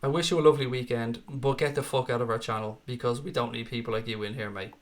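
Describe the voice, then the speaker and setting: Talking fast in a steady, medium-pitched voice, a young Irish streamer reads out comments from his chat. He responds bluntly and swears plenty throughout the casual stream.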